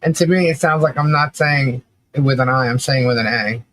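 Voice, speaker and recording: A woman's voice: extremely low pitch, fairly quick, a little hiss or hum. A middle-aged woman hosting a casual live stream, chatting animatedly and laughing often as she reacts to viewer comments. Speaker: livestream commentary host.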